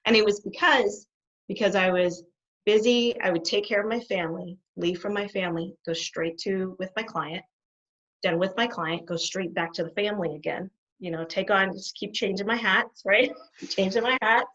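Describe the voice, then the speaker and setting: A middle-aged woman, a guest behaviour specialist, telling her stories in an animated way and laughing often. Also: medium pitch, normal speed. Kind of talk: conversational interview. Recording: dull lo-fi sound.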